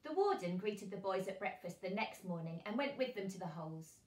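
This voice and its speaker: Expressive woman teacher reading a storybook. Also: mid-range voice, fairly quick, reverberant. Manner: expressive reading, lively character voices. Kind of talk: storybook read-aloud for children.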